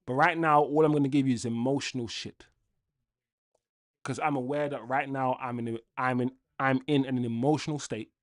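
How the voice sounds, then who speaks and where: A man's voice: medium pitch, moderate pace. Angry young man ranting on a livestream. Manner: angry, ranting, lively with laughs. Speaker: fan livestream host. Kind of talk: casual watchalong livestream chat.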